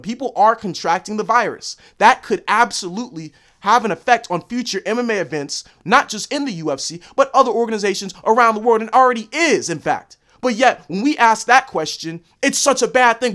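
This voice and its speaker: A young man with a high voice delivers a fired-up, profane rant. He hammers the same points over and over and acts out the voices of the people he quotes. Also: lively intonation, fairly quick, hardly any pauses, pushed and bright. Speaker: MMA commentary vlogger. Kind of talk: ranting opinion monologue.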